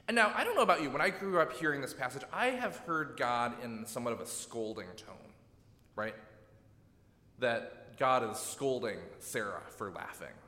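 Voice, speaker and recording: A man delivers a sermon with a bright, ringing voice. He sounds reflective and gently emphatic, and often asks "right?" to draw listeners in. The room around him is echoey, with a long reverb tail. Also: medium pitch. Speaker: pastor. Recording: echoey hall.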